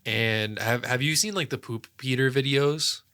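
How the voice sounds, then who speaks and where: Brief: young male co-host, casual profane storyteller, bright voice, mid pitch. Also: a little slow, clear, resonant tone. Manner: rambling, profane, animated storytelling. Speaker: podcast co-host. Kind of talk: casual chat.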